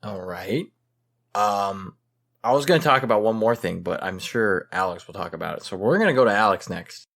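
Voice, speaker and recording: A man's voice: lowish voice, lively intonation, gravelly, fairly bright tone. A man hosting a casual gaming podcast, playful and joking, teasing his co-hosts. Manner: playful, joking, quick to tease. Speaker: podcast host.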